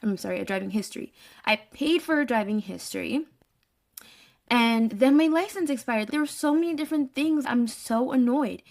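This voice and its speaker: A woman's voice: a little high, lively intonation, normal speed, gravelly, a little mellow. A woman telling a personal story in a casual monologue, retelling a frustrating exchange with quoted dialogue and exasperated asides. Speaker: podcast host.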